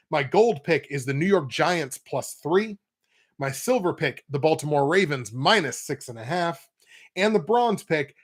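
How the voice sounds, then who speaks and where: A young man hosting a football picks show in a casual, rambling way, with wry asides and self-corrections. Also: a little high. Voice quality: nasal when pinching nose. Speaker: sports picks show host. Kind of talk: casual football betting talk.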